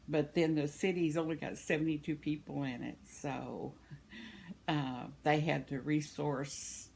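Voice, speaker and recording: Low and creaky, this older woman's voice comes with a little hiss or hum on the recording. She's a vlogger at home indoors, casually chatting and frequently laughing while going through her viewers' comments.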